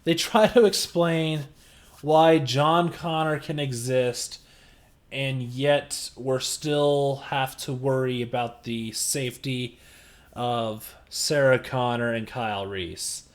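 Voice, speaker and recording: A man giving a casual movie review, blunt and exasperated, halting as he gathers his thoughts. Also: medium pitch, steady tone. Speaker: film reviewer.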